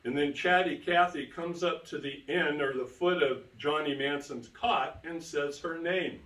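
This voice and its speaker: A man's voice: on the high side, measured pace, a bit bright. Emphatic male lecturer in a roomy hall. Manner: emphatic, repeats key phrases for stress. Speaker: lecturer presenting to an audience. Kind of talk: public lecture with storytelling. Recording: roomy sound, distant from the mic.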